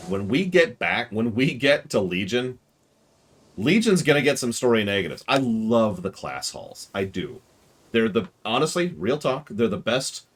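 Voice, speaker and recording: A man streaming a strategy game with casual, joking commentary, sarcastically talking back to the characters on screen. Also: fairly low pitch.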